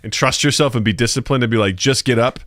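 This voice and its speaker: A man in his thirties co-hosting a podcast, telling stories with lots of laughs and acting out quotes in a high, lively voice. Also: fast, no room sound, studio quality. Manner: animated storyteller, acts out quotes in a high voice; laughs often. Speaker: podcast co-host. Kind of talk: casual podcast chat. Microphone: podcast mic.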